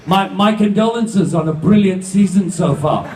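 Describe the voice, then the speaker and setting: A man in his fifties running stage games at a banquet, loudly teasing the contestants. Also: high voice, normal speed. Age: 50s. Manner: teasing, loud and joking. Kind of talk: live stage banter with audience. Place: large banquet hall. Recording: echoey hall, distant, crowd noise.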